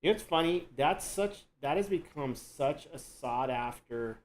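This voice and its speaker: A man's voice: fairly high pitch, a little slow, poor audio. Laid-back man rambling on a livestream. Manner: relaxed, rambling, says "you know" and "dude" a lot. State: yawning, tired. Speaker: host. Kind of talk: casual chat on a live stream.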